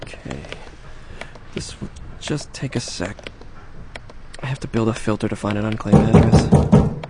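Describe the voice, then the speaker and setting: An actor playing a nervous young hacker who talks fast when pressed. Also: male voice, on the low side, very noisy, natural voice. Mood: anxious. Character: nervous young male hacker, anxious and quick. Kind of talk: audio drama acting.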